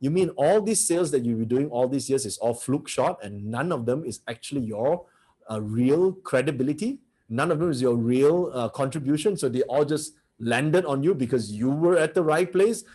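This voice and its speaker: A man's voice: mid-range voice, animated, moderate pace, mellow. A man teaching a motivational seminar, blunt and brash, who keeps firing rhetorical questions at his audience.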